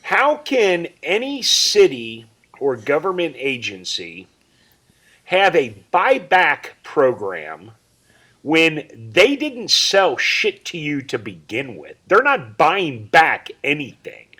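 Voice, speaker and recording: A man's voice: on the high side, huge pitch swings, slow, bright, forceful tone. A man co-hosting a podcast, speaking bluntly and indignantly in casual chat, with some swearing. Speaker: podcast co-host.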